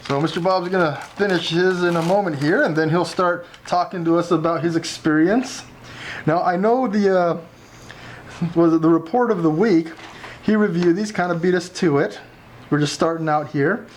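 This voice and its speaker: A man's voice: high-pitched, moderate pace, slight background noise. A man co-hosting a casual food review, talking in a chatty, rambling way with many restarts.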